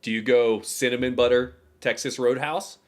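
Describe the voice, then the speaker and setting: A man's voice: mid-range voice, fairly even intonation, normal speed. A man co-hosting a podcast in casual chat, telling a story animatedly and teasing his friend. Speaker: podcast co-host.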